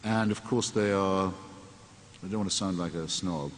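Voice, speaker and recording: A man's voice: low voice, moderate pace. A man, a sardonic guest talking on stage in a wry, digressive way. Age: 60s. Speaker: interview guest. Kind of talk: onstage conversation before an audience. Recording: echoey hall, faint room noise.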